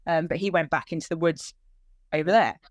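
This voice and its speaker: With a deep voice and brisk pace, a woman tells the emotional tale of hunting for her lost dog, voicing the dialogue as she goes and rising in pitch when moved. The recording is dry with clean studio sound.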